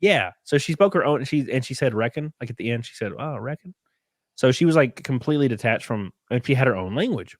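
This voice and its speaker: A tipsy man co-hosting a podcast, chatting crudely and animatedly, often laughing and breaking into high mocking voices. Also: lively intonation, fast, few pauses, dry recording, studio quality. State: a little drunk. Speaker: podcast co-host. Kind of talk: casual crude banter.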